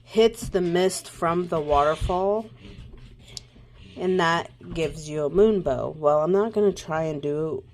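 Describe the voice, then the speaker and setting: A woman's voice: sits low, slow, a little mellow. A woman vlogging casually about a book she's reading, rambling and thinking aloud. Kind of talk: casual chat.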